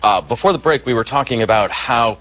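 A man's voice: mid-range voice, expressive, brisk, a bit bright. A man hosting a talk program, framing questions with hesitant, searching phrasing. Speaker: program host. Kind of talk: interview hosting.

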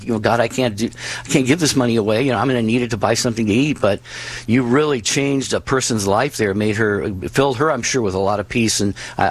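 A male co-host with an ordinary, mid-pitched voice. He sums up the guest's story thoughtfully and warmly affirms it, filling his pauses with "you know". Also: low-quality recording. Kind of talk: radio talk show interview.

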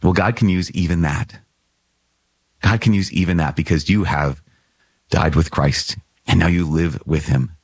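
A man's voice: low-pitched, measured pace, pauses often, breathy edge, dry recording. A man, a priest, giving an earnest, conversational homily with playful asides. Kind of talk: podcast homily.

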